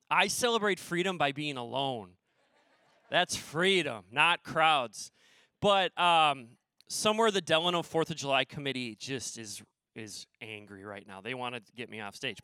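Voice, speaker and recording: A man's voice: mid-range voice, sharp tone, clean tone, dry recording. A forty-year-old man from Minnesota, a pastor opening his sermon with rambling, self-deprecating stories full of ums. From Minnesota, USA. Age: 40s. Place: church sanctuary stage.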